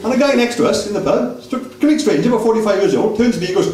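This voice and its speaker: Lively high-voiced man telling a pub story. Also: racing, very noisy. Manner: ironic, mock-naive storytelling. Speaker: stand-up comedian. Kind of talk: stand-up set. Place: comedy club stage. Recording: echoey club room.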